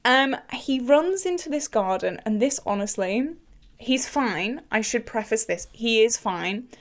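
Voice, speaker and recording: Animated woman telling a story. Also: on the high side, unhurried. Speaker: beauty vlogger. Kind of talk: casual storytelling while doing makeup.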